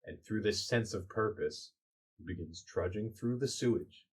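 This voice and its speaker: A man hosting a comedy podcast, narrating an improvised story in a relaxed, chatty way. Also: lowish voice, normal speed, breathy edge. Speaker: podcast host.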